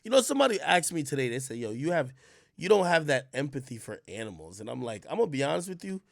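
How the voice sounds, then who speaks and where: A man from Jamaica rants on his livestream in a casual, profane way, and his voice leaps around with lively, expressive swings. He sits a little high for a man and jumps from loud outbursts to low mutters. The sound is close and dry, with no room around it. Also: fast talker, vocal fry, no echo. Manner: swears often. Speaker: livestream host.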